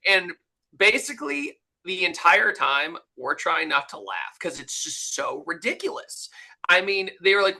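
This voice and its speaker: A man's voice: a little high, normal speed, rough recording. A man guest on a motoring podcast, telling a story in casual chat and acting out the people in it. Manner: animated, acts out quotes in his story.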